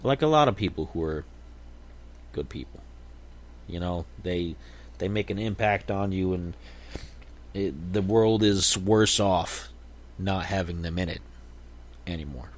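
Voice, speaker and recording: Reflective low-voiced man telling a story. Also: a little slow, pauses often. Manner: reflective, meandering with restarts. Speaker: podcast host. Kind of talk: casual storytelling monologue.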